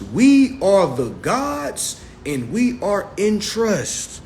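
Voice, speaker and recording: A man's voice: high-pitched, huge pitch swings, very slow, few pauses, darkish tone, a little hiss or hum. Man chatting loosely on a livestream. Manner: loose, swearing, talks straight to viewers. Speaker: livestream host. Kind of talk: casual livestream talk. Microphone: phone.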